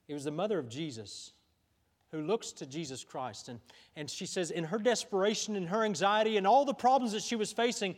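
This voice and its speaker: A high-pitched middle-aged male pastor preaching in a church sanctuary, his words trailing off into a long hall reverb. He talks conversationally, stumbling and restarting as he throws questions out to the congregation. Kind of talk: sermon.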